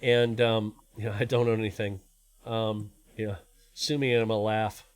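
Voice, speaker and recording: A man's voice: fairly low pitch, little pitch movement, moderate pace, no echo. A man in his forties, born in Canada and raised in the US, hosting a live stream in a rambling, self-deprecating, casual way. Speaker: stream host.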